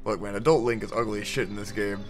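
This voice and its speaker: A young man co-hosting a let's play, relaxed and teasing, laughing often as he chats. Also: on the low side, fast talker, over music. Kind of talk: casual gaming commentary.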